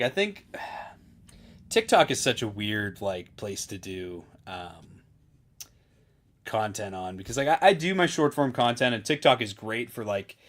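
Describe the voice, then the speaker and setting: A man's voice: medium pitch, sharp tone. A man hosting a live stream, talking casually and loosely with lots of "dude" and "like". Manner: laid-back, chatty, full of fillers like "dude".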